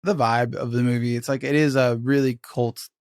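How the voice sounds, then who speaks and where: A man co-hosting a casual film-review podcast, giving his opinions haltingly with lots of "like". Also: mid-range voice, steady tone, a little mellow, smooth, dry recording, studio quality. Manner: hesitant, full of "like" fillers. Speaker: podcast co-host.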